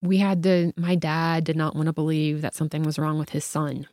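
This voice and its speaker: A middle-aged woman with a low-pitched voice tells a personal story as a podcast guest. She talks in an animated, chatty way, full of "like" fillers. The sound is dry and close, with no room around it. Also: brisk, dry recording. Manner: animated, talkative, frequent "like" fillers.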